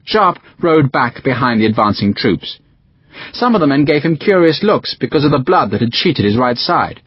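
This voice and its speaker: A man narrating a war novel as a scripted audiobook reading, with expressive storytelling. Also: normal speed, slightly rough, no echo. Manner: expressive storytelling with varied pitch. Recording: dull, dry audiobook recording.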